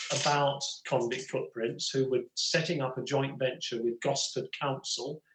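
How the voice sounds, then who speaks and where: Casting: older English actor, chatty raconteur, mid-pitched, recorded with room echo. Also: male voice. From England. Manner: rambling, full of "you know" asides. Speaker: guest actor and writer. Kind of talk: relaxed storytelling conversation.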